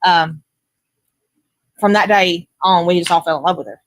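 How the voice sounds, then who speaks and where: A woman's voice: on the low side, moderate pace, no room sound. Grandmother rambling in casual chat. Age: middle-aged. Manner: rambling, warm storytelling with many fillers. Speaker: podcast co-host, grandmother.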